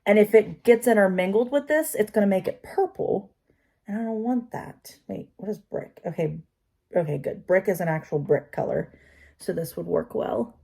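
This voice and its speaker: A woman's voice: mid-range voice, normal speed, vocal fry, dark tone, husky. A woman vlogging as she does her makeup, chatty and talking to herself with self-deprecating asides. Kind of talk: casual talk while doing makeup.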